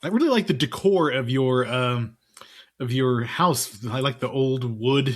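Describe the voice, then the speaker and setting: A man's voice: mid-range voice, measured pace. A man hosting a podcast, laid-back and joking, chatting with his co-hosts. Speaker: podcast host. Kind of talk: casual podcast chat.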